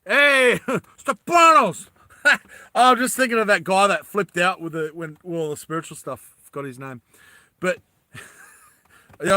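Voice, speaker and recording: A man's voice: fairly high pitch, bright, forceful tone, dry recording. A man talking casually on a livestream, rambling and often laughing as he addresses his viewers.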